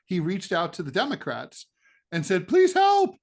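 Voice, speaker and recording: A man's voice: sits high, animated, normal speed, vocal fry, a bit bright. A middle-aged man from the United States co-hosting a political podcast, talking in a chatty, sardonic way with many fillers and restarts. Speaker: podcast co-host, political cartoonist. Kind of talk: casual political chat.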